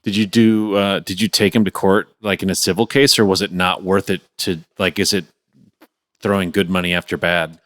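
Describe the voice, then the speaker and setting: Deep-voiced man asking questions. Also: little pitch movement, moderate pace, fairly bright tone. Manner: asks probing follow-up questions. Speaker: podcast host. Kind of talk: casual interview.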